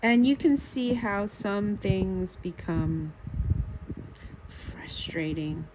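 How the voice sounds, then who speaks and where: Woman, slow unhurried tutorial talk, self-critical, noisy home recording. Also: medium pitch, animated. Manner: self-critical, muttering to herself while drawing. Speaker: drawing tutorial creator. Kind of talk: casual drawing tutorial commentary.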